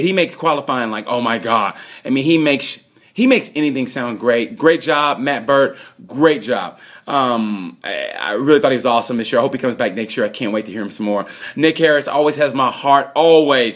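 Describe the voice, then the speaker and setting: A man hosts a comedic awards rundown in a rambling, excitable way. His pitch leaps around constantly, and he breaks into sudden loud outbursts. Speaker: host. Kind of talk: comedic monologue giving awards.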